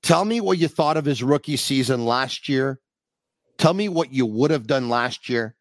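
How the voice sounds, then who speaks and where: A man hosts a sports podcast from his basement, his voice close and dry with no room echo. He talks in a relaxed, conversational way and builds up to his questions. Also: medium pitch, normal speed. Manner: conversational, sets up questions in long lead-ins. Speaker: podcast host. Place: home basement.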